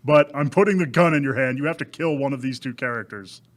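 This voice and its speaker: A man's voice: mid-range voice, fast. A man co-hosting a podcast in casual comedic chat, teasing his partner in a mock-dramatic way and laughing often. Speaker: podcast co-host.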